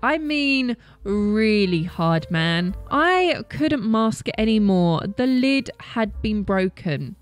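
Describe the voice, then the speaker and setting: A woman narrating a first-person story in a measured, scripted read. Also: mid-range voice, animated. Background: faint background music.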